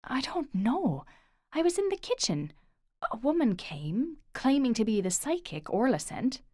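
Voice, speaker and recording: A woman's voice: fairly high pitch, very animated, unhurried, darkish tone, no room sound, studio quality, pitched above the performer's own voice. A woman reading the part of a blunt, irritable father in an audiobook, curt and exasperated. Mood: shaken.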